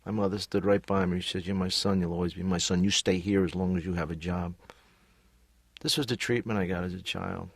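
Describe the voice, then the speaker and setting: A man's voice: low-pitched, steady tone, brisk, gravelly, no room sound. A man voicing a neurotic, needy cartoon therapy patient who rambles and complains in a self-pitying way. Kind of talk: animated sitcom voice acting.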